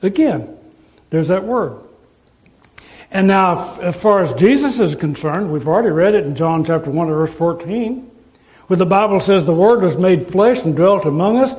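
A man preaching a sermon as pastor, earnestly listing scripture verses and slowing down to stress quoted words. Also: high voice, a little mellow, low-quality recording.

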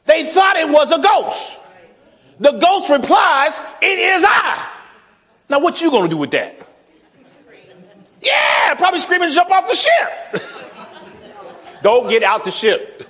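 A man preaching a sermon, folksy, calling the congregation y'all, swinging from soft asides to shouted emphasis. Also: very high-pitched, huge pitch swings, slow pace, pauses often. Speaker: pastor.

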